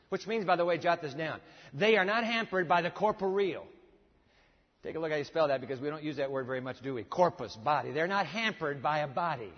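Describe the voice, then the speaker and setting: A man preaching a sermon in a large church, lively and directing the congregation as he teaches. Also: high-pitched. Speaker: pastor. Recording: long reverb, dull sound.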